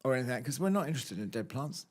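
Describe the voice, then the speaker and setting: A man's voice: medium pitch, big pitch swings, racing. A man co-hosting a gardening podcast, chatting casually with wry, playful, slightly mock-grand phrasing. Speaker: podcast co-host.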